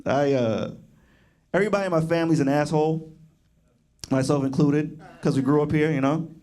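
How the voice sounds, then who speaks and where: Laughing New stand-up comic. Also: male voice, a little high, a little fast, dark tone. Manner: rambling, laughing at his own jokes. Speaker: stand-up comedian. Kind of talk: stand-up comedy.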